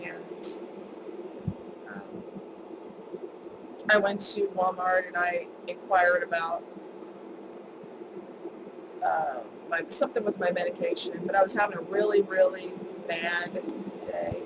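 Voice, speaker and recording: A woman's voice: on the low side, fairly even intonation, slow pace, long pauses, background noise. A woman vlogger telling a personal story in a chatty, emphatic way, repeating words for stress.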